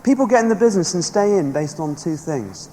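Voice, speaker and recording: His voice sits high and warm, expressive and a little fast, as this motivational speaker emphatically rallies a live seminar audience with stories. He is in a large hall, and the recording carries echo and faint background noise.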